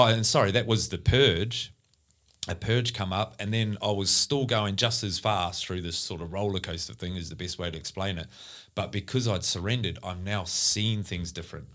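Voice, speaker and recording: A man with a very deep voice talks casually on a podcast. His story wanders, broken up by restarts, fillers and blunt swearing. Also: fairly bright tone.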